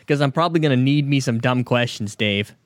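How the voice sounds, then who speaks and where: A man's voice: mid-range voice, a little fast, no echo, studio quality. A man hosting a casual podcast, talking in a loose, profane, joking way. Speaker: podcast host.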